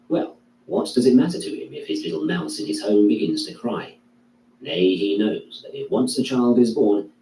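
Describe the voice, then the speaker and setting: A man reading a classical philosophy text aloud in a measured, declaiming way. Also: fairly low pitch, dark tone. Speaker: reader. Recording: echoey room, distant mic, faint hum.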